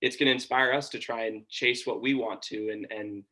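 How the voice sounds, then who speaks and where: Bright, flat-toned young man from Georgia. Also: mid-range voice, low-quality recording. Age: young adult. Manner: thoughtful, halting with ums. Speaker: college sports broadcaster. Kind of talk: casual interview.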